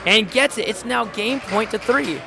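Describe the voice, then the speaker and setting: High-pitched, gravelly man calling plays. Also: music in the background. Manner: rapid play-calling, reads chat aloud, jokey. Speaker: play-by-play commentator. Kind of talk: live-stream sports commentary. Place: home studio.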